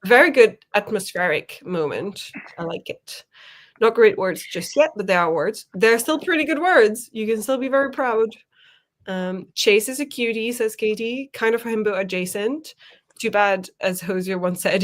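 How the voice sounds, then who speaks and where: A woman's voice: medium pitch, unhurried. A woman co-hosting a live writing stream over a video call, chatting casually, laughing often and reading comments aloud. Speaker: co-host of writing sprint stream. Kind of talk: casual chat.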